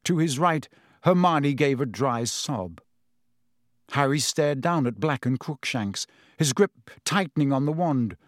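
Man narrating audiobook, slow and measured, dramatic reading, dry close mic. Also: medium pitch, lively intonation, dry recording.

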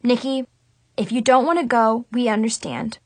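Woman playing a squealy high teen girl, bubbly best friend, dry close read. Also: fairly even intonation, moderate pace, no room sound, close to an everyday voice. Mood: caring.

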